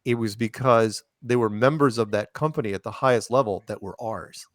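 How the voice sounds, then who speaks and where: A man's voice: on the low side, fairly quick, no echo, studio quality. A man as a podcast guest, telling stories casually, with many restarts and asides, acting out quoted people in raised voices. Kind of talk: casual conversational storytelling.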